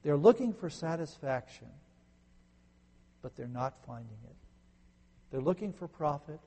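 A man preaching a sermon as a pastor, swinging from emphatic peaks down to quiet low phrases. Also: expressive, a little slow, husky. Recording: long reverb in a large hall.

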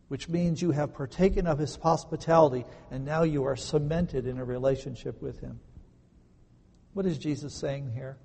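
A man preaching a sermon as a pastor, earnest, slowing down to stress key words. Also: medium pitch, gravelly, mellow, slightly rough. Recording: long hall reverb.

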